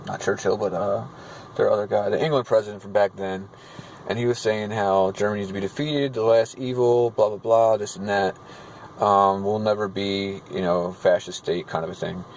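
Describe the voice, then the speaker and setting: Rambling low-voiced man over background noise. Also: poor audio. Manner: rambling, many fillers and restarts. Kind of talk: casual spoken recount of a vision.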